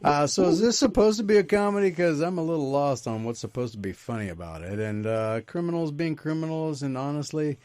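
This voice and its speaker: A man's voice: on the high side, brisk, hardly any pauses, no echo. A man hosting a casual movie review show, giving his take and then passing the turn to each co-host. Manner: lively, hands turns to co-hosts. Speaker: podcast host.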